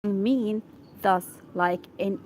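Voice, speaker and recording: Slow halting woman reading aloud. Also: mid-range voice, a little mellow, a little hiss or hum, rough recording. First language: Arabic. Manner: halting, self-correcting, checks pronunciation of words. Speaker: English learner. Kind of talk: reading an article aloud for practice.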